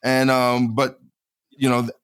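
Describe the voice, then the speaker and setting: A man's voice: mid-range voice, completely flat delivery, a little slow, clean tone. A middle-aged man telling his story as an interview guest, emphatic and repeating phrases for stress.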